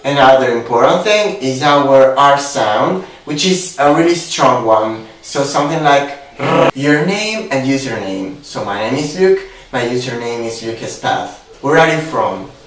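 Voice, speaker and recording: A young Italian-accented man speaks slowly and hesitantly, filling pauses with ums. He is heard from some distance in a very echoey room. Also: mid-range voice, animated. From Italy. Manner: hesitant, many fillers. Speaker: vlogger. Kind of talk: casual accent-challenge vlog. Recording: echoey room, far from the mic.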